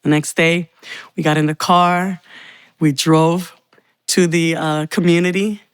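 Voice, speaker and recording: A woman's voice: on the low side, steady tone, a little slow, smooth, no room sound. A woman telling her personal faith testimony in an earnest, heartfelt way. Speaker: testimony speaker.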